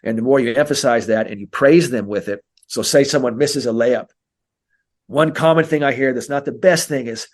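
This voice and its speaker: A man, a mental skills coach, talking in a podcast interview and acting out coach and player dialogue. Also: normal speed. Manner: animated, acts out coach and player dialogue with big pitch jumps.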